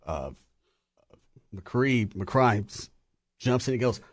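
A man's voice: medium pitch, takes it slowly, no room sound. A middle-aged man hosting a radio show from the studio, telling joking stories in casual chat. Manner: animated, joking storyteller.

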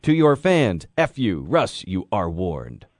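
Deep-voiced male radio news reader. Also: wildly swooping pitch, slow pace, a little mellow, no room sound, clean studio sound. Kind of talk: reading aloud on radio.

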